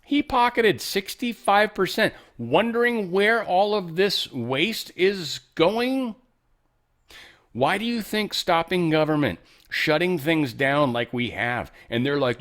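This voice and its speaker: A man's voice: fairly high pitch, a little slow, a bit bright. A man hosting a casual political commentary show, rambling with frequent fillers and restarts. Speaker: show host.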